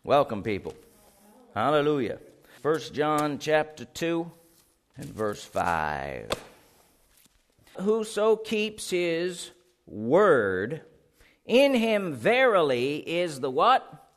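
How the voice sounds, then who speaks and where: Animated preacher man with lively pitch. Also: drawn-out words, pauses often. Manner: animated, asks the congregation questions and reads scripture aloud. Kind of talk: sermon.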